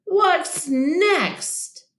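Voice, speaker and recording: A woman voicing a grumpy cactus who wants to be left alone, yelling in a slow, cranky way, recorded in an echoey room. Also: very high-pitched, expressive, voice pushed up, exaggerated voice. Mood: grumpy shouting.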